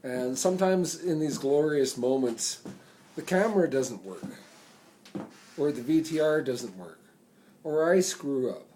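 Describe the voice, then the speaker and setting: A man, telling a rambling story to a phone camera in a casual, drawn-out way. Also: medium pitch, slight background noise. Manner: rambling, slow, drawn-out delivery; loud and excited when reenacting chants. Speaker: vlogger.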